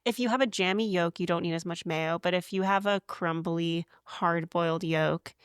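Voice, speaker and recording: A young woman with a light Pacific Northwest accent and a nasal, lower-pitched voice co-hosts a podcast. She chats in a playful, easygoing way. The sound is dry and close-miked. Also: steady tone, normal speed, smooth, no room sound. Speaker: podcast co-host. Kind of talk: casual chat.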